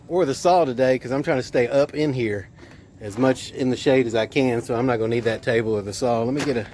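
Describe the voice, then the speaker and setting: A man's voice: mid-range voice, darkish tone, a little hiss or hum. A middle-aged man, a mobile welder telling rambling stories in a casual vlog, recorded outdoors at a work site. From Tennessee. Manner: rambling, laid-back, laughs at his own stories.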